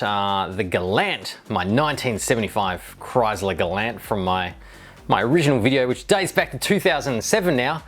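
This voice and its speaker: A man's voice: medium pitch, sing-song, moderate pace, a bit bright. Jokey rambling DIY man. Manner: rambling and jokey, with wry asides. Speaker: DIY video maker. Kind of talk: casual chat reading viewer comments.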